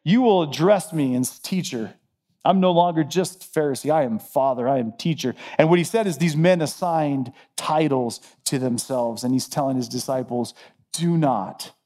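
A man's voice: a little high, mellow. A man preaching a sermon, earnest and emphatic, repeating phrases to drive points home. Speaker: pastor.

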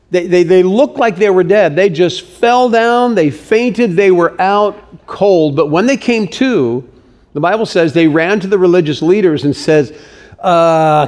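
Animated male pastor preaching. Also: sits high. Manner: animated storytelling with acted-out quotes. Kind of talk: sermon.

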